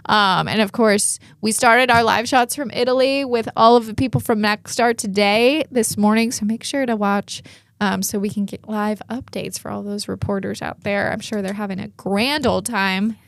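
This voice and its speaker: Young female TV co-host, upbeat chatter, mid pitch, dry studio sound. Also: steady tone, normal speed, creaky, no echo. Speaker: morning show co-host. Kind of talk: casual chat.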